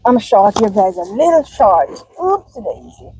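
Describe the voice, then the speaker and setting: A woman's voice: medium pitch, big pitch swings, measured pace, mellow, rough recording. A woman from Jamaica with a Jamaican accent, talking casually and animatedly to her viewers as a vlogger, answering their comments.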